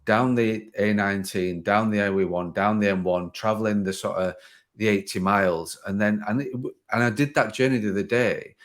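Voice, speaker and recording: A man's voice: on the low side, normal speed. A man hosting a podcast, talking casually in long rambling sentences full of "like" and restarts. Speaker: podcast host. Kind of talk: casual conversation. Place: home garden office.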